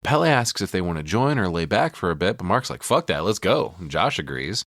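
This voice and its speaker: A man's voice: low-pitched, sing-song, fast, fairly bright tone, no echo, clean studio sound. A man co-hosting a podcast, casually recapping a film scene by scene, profane, slipping into quoted lines. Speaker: podcast co-host. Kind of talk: casual movie recap chat.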